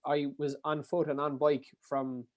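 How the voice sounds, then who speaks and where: A man with a Kerry Irish accent telling stories as a podcast guest, animated and swearing casually. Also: on the high side, unhurried. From Ireland. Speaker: podcast guest, endurance athlete. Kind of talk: casual storytelling.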